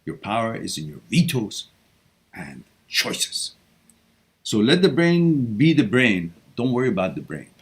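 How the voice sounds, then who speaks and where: A man hosting a live stream, answering viewer questions in an animated way, sometimes chanting and swinging between loud and hushed speech. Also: medium pitch, a little slow, slightly rough.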